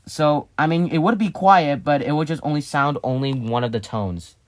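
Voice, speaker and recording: A man's voice: fairly high pitch, moderate pace. Rambling man explaining his siren build. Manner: rambling, restarts sentences, self-corrects. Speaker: hobbyist vlogger. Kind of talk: casual explaining.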